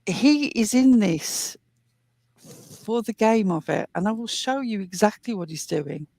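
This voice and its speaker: A woman's voice: medium pitch, lively intonation, unhurried, vocal fry, dark tone. A woman hosting a commentary show, earnestly retelling and explaining a clip step by step. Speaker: commentary host.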